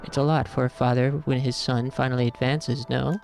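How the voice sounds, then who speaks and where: A man voicing a gentle middle-aged mother who speaks softly and reassuringly. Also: medium pitch, level tone, a little fast, vocal fry, faint music behind, close to an everyday voice. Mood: soothing.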